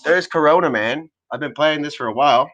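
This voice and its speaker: Guy ranting on his stream, swearing nonstop, aggressive and all over the place, kinda high voice, muffled lo-fi audio. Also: brisk, a bit bright, slight background noise. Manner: heavy swearing, aggressive, rambling. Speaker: live streamer. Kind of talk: profane livestream rant.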